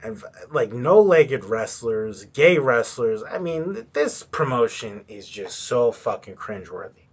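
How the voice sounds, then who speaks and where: A man's voice: mid-range voice, very animated, a little slow, breathy edge. A man hosting a podcast on his own, ranting in a rambling way with lots of swearing and filler words. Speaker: podcast host. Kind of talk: solo ranting commentary.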